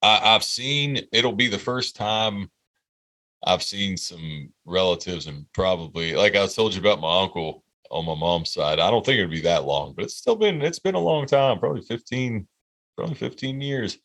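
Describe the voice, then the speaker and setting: Podcast co-host, male, 30s: low and forceful voice, rambling profane storytelling. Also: moderate pace. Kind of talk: casual storytelling chat.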